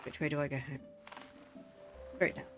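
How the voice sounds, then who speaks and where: A casual gaming host talks the listener through a game, chatty and quick to slip into mock-furious grumbling. Faint game music plays underneath the voice. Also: mid-range voice, flat delivery. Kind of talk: casual gameplay commentary.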